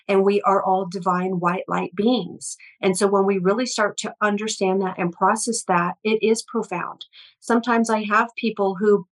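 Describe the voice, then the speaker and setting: A woman's voice: medium pitch, rough recording. A woman guest, an energy healer, telling stories in an earnest, flowing way, with frequent restarts and fillers. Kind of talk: conversational storytelling interview.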